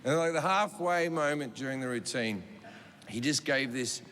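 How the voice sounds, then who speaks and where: A man's voice: mid-range voice, normal speed, fairly bright tone. Profane Australian man doing stand-up. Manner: profane, rambling anecdotes with acted-out quotes. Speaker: stand-up comedian. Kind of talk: stand-up storytelling. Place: comedy stage before a live audience. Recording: reverberant live venue with audience noise.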